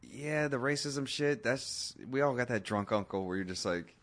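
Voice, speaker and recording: A man's voice: medium pitch, lively intonation, normal speed, a bit bright. A man talking in a casual podcast chat, ranting with animation and mimicking the voices of people he quotes. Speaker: podcast guest.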